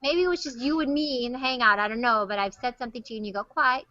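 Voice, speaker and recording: A woman's voice: on the high side, very fast, sharp tone, no room sound. A woman hosting a casual chat over a video call, chatty and teasing. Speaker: show host. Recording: muffled video call audio.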